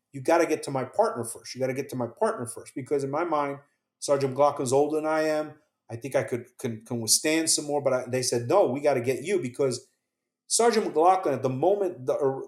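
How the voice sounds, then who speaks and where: A man, a podcast guest, telling his own survival story in an earnest way. He acts out the voices of others and goes quiet at the painful parts. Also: mid-range voice, roomy sound. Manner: earnest, acts out quoted voices, drops soft at painful moments. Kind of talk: emotional first-person storytelling.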